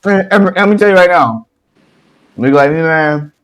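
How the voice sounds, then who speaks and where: A young man co-hosting a casual podcast, telling a story in an animated way, swearing and laughing as he goes. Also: on the high side, normal speed, rough recording. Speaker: podcast co-host.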